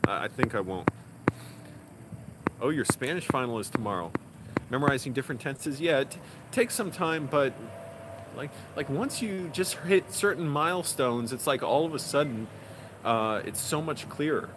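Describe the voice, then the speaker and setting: A man's voice: mid-range voice, lively intonation, moderate pace. Rambling man vlogging outdoors. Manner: rambling, chatty, lots of fillers. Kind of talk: casual vlog talk. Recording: outdoor street noise behind.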